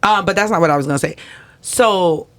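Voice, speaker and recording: Animated, profane young woman host. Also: fairly low pitch, a little fast. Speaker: podcast co-host. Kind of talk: casual chat.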